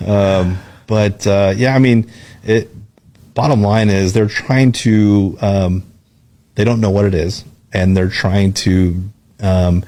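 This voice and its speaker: A man from the military talking about his work in a casual, halting way. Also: low-pitched, fairly even intonation, warm tone. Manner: halting, many fillers. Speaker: military guest on a podcast. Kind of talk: casual interview talk.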